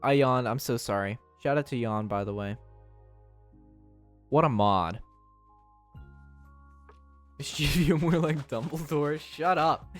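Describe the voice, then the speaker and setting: A young man streaming and chatting casually with his live chat, teasing and often breaking into high, squealing laughs. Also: takes it slowly, pauses often, soft background music.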